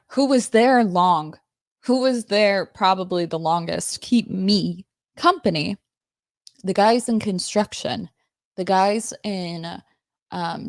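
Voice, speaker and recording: A woman's voice: mid-range voice, no room sound, clean studio sound. A woman hosting a livestream in a casual, blunt and profane rant, breaking into frequent laughs. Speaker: host.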